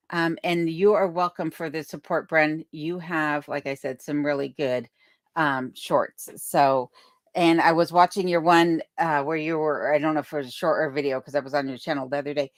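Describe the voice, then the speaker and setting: This woman's voice sits low as she hosts a casual livestream from her remote Alaska home, reading comments aloud and thanking viewers in a chatty manner. Her boom-arm desk microphone yields a clean studio sound with no room noise.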